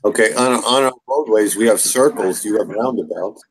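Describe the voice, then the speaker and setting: A man's voice: on the low side, moderate pace, slight background noise. An American man chatting casually and joking about words. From United States. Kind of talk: casual group chat. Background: dogs barking, birds.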